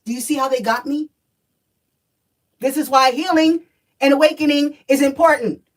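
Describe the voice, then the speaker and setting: A woman's voice: sits high, distant mic, poor audio. A woman, telling her life story in a blunt, profane, emphatic vlog as a spiritual energy reader.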